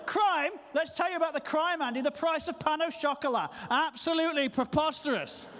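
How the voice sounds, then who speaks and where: A man's voice: brisk, pushed and bright. A comedian voicing an indignant posh middle-aged local man who is outraged over trivial things. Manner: shrill, outraged, exaggerated. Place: church hall. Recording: long hall reverb.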